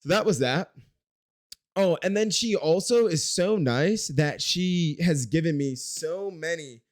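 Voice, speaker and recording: Young man, late 20s, casual vlogger, rambling, self-deprecating, salty language. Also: on the high side. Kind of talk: casual personal vlog storytelling.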